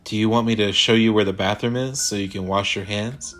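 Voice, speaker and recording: A man's voice: fairly low pitch, steady tone, brisk, a bit bright, soft background music, natural voice. A man voicing a frightened, trembling middle-aged mother in a horror story reading, speaking shakily. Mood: nervous. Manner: shaky, fearful.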